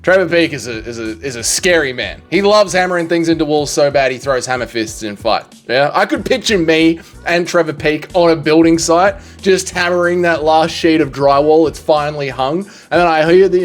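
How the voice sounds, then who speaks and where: A man giving a casual comedic monologue, joking and rambling with slangy asides. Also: fairly high pitch. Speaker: tier-list commentator.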